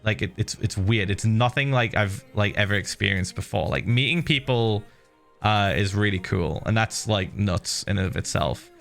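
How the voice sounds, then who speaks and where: A middle-aged man streaming, casually telling viewers a story with lively laughs and the odd swear. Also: on the low side, moderate pace, vocal fry, faint music behind.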